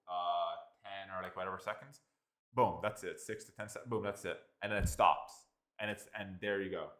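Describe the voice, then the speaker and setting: An Irish man giving a casual spoken software review, rambling with constant fillers and restarts. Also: on the low side. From Ireland.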